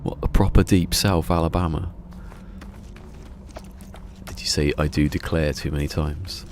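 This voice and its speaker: A man's voice: low-pitched, fairly even intonation, unhurried, a little hiss or hum. An English man streaming a game live, chatting casually in a rambling way, often restarting his sentences. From England.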